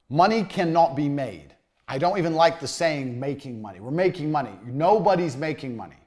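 A man teaching a motivational business course. He talks bluntly, swears, repeats his points for emphasis and lets phrases sink to a low, trailing finish. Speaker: course instructor.

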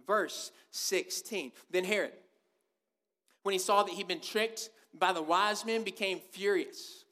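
A man's voice: high-pitched, fairly bright tone. A man preaching a sermon, emphatic and full of repeated rhetorical questions.

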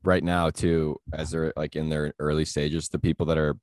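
A man's voice: extremely low pitch, flat delivery, normal speed, a little mellow, no echo, studio quality. A man hosting a podcast, chatting loosely and crudely with lots of fillers. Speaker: podcast host. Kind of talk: casual crude comedy chat.

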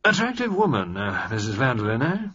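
A male narrator voicing a bluff, blustering old air marshal in a gruff, hearty manner. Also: medium pitch, lively intonation, a little fast, fairly bright tone, pitched above the performer's own voice. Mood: awkward. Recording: slightly muffled dry recording.

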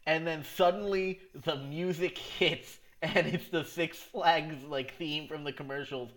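A man with a slightly raised pitch, talking casually as a podcast co-host. He rambles through his points, laughing often and restarting sentences as he goes. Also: steady tone, unhurried, a bit bright. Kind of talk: casual chat.

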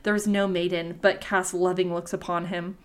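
A woman's voice: on the low side, level tone, normal speed. A woman hosting a podcast, reading old-fashioned folktale prose aloud and breaking off now and then for casual, swearing asides.

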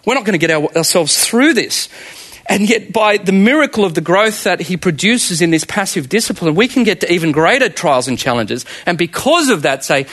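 High-voiced Australian preacher. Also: male voice, brisk. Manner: animated, asks the congregation rhetorical questions, laughs often. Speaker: pastor. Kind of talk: sermon.

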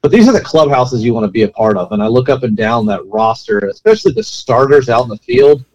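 Man co-host, mid pitch, loose rambling sports talk. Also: wildly swooping pitch, fast, darkish tone, muffled recording. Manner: rambling, many restarts and fillers. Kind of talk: casual sports podcast chat.

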